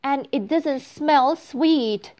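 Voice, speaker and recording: A woman voicing a tiny, gentle fairy-tale girl in a high, sweet, earnest voice for a storybook reading. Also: drawn-out words. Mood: wistful.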